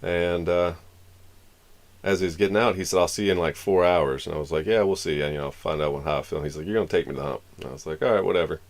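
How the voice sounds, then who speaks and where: A man's voice: low voice, fast talker. A man streaming live, telling a long story in a casual, rambling way and acting out the lines of the people in it. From Florida. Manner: rambling, acts out the dialogue of the people in his story.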